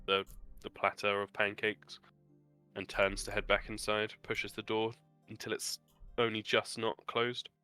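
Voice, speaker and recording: A man's voice: fairly low pitch, little pitch movement, a little slow, bright, forceful tone, clean tone, soft background music. A man narrating a tabletop game as game master, loose and casual, with many fillers.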